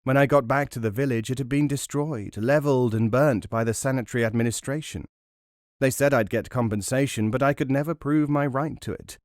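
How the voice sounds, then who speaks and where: A man's voice: medium pitch, fairly quick, no room sound, studio quality, natural voice. A male narrator voicing a poor, proud Afghan peasant man over sixty, talking with fierce defiance. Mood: pleading.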